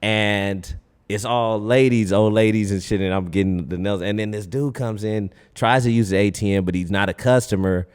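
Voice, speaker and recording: A man's voice: lowish voice, fairly even intonation, normal speed, clean tone, big-room sound. A comedian man from Fresno, telling stories in a laid-back casual podcast chat and acting out the people in them. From Fresno, California. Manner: laid-back storytelling, acts out voices, laughs often. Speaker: comedian guest.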